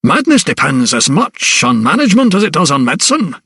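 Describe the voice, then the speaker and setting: A man's voice: huge pitch swings, brisk, fairly bright tone, slightly rough, no room sound, studio quality, heavily acted. A man voicing an elderly male asylum principal who is arrogant and dismissive, speaking in a raised, condescending tone in an audiobook. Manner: condescending, pitched higher.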